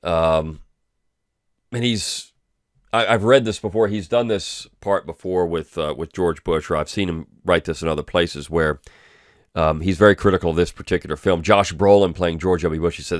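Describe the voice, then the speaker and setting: A man with a very low voice hosts a weekly review, talking over the week's articles in a relaxed, rambling way full of ums and false starts. The recording is dry and close, with no room sound. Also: normal speed, dry recording. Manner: loose and conversational, with frequent ums and restarts. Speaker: host of a weekly review podcast. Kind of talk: casual spoken commentary.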